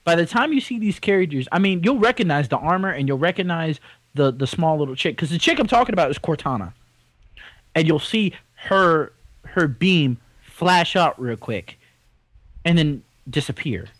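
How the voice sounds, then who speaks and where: Guy co-hosting a podcast, bit high voice, super lively, dry close mic. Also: normal speed, no echo, low-quality recording. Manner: animated, rambling, opinionated gamer talk. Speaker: podcast co-host. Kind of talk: casual chat.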